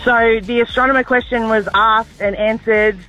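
A woman's voice: fairly high pitch, fairly even intonation, normal speed, bright, forceful tone, highs cut off, soft background music. A woman calling a radio show to lodge an indignant complaint. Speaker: caller.

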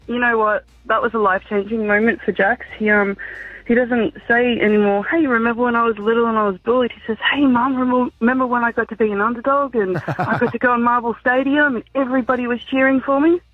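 A woman's voice: fairly high pitch, steady tone, quick pace, husky, no room sound. A woman calling in to a radio show, speaking emotionally and tearfully about her son. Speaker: caller. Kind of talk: phone-in call. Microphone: telephone. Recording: tinny phone line.

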